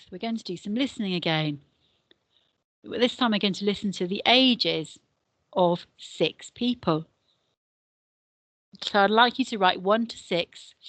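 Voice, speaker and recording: Slow, patient English woman teaching Spanish. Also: medium pitch, a bit bright, no echo. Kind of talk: recorded classroom lesson.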